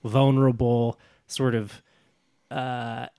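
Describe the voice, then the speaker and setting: Rambling, animated man talking movies. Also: medium pitch, slow, smooth, dry recording, clean studio sound. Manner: animated, rambling, laughs often. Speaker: podcast co-host. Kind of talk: casual film discussion.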